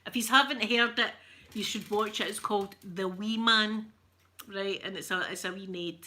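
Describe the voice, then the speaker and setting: A woman's voice: mid-range voice, moderate pace, bright, forceful tone, slight background noise. A Scottish woman hosting her channel, telling rambling stories in casual chat and laughing often. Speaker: channel host.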